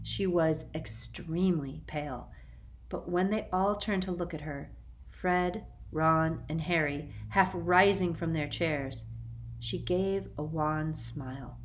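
A woman narrating a storybook in a measured, even way. Her voice sits fairly low, and she keeps an unhurried reading tone through the narration. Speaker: audiobook narrator.

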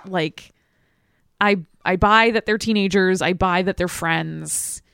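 A woman co-hosting a podcast in a casual movie chat, speaking in a somewhat low, gravelly voice. She rambles and peppers her talk with "like". The sound is dry and close. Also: slow pace, a bit bright, dry recording. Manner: chatty, filler-heavy with frequent "like". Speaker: podcast co-host.

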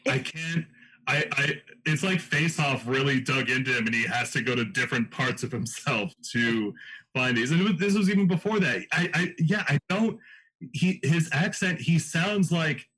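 A man's voice: fairly high pitch, animated, moderate pace, sharp tone, breathy edge, rough recording. A man in a casual movie podcast, rambling and joking, with lots of "like".

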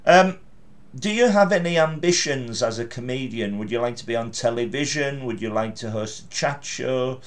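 A man's voice: mid-range voice, animated, moderate pace, hardly any pauses. Middle-aged man, podcast host, easygoing interviewer, lots of ums, encouraging tone. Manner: chatty, warm encouragement with frequent fillers. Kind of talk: casual interview.

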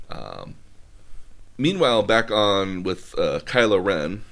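A man's voice: sits low, animated, moderate pace, gravelly, fairly bright tone. A man casually retelling a film plot, rambling with lots of fillers. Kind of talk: casual chat.

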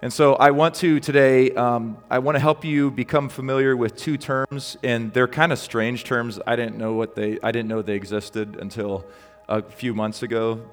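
A man's voice: medium pitch, steady tone, normal speed. A male pastor delivers a sermon in a casual, conversational tone, stopping for ums and restarting his sentences as he tells a story. His voice carries a long reverb through the church, and faint music plays underneath.

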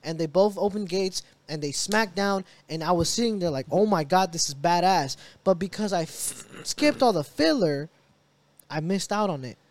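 A man co-hosting a casual podcast chat, telling stories in an animated way, swearing and acting out reactions. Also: sits high, normal speed, no room sound. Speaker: podcast co-host.

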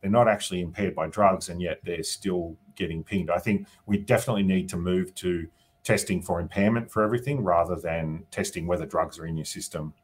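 Australian politician guest, deep husky voice, loose conversational answers with lots of "you know" asides. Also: male voice, fairly quick. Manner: thinking aloud, often adds "you know" and "right?". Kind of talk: casual interview answers.

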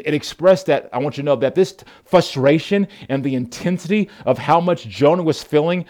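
A man's voice: mid-range voice, a little mellow. A male pastor preaching a sermon in an emphatic way, often repeating words as he restarts his sentences.

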